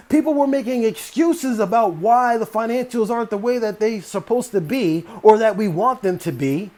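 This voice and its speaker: A man's voice: extremely high pitch, a little mellow. A man telling a story about his time as a store manager, in a conversational, emphatic way with many fillers and repeated phrases. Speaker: motivational speaker. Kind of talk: storytelling talk.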